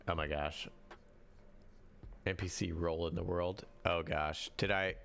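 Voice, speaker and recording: Gravelly low-voiced man hosting a stream. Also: fairly bright tone, a little hiss or hum. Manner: rambling, with frequent restarts and self-corrections; answers viewer chat as he goes. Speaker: livestream host. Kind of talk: casual livestream talk on running games.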